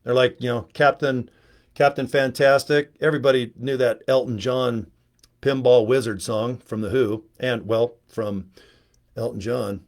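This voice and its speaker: A middle-aged man talks at home into a webcam on a casual livestream. He rambles from one thing to the next, cracking crude jokes and cursing without a care. His voice sits at a middle pitch for a man. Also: fairly even intonation, measured pace. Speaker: video host. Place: at home, indoors.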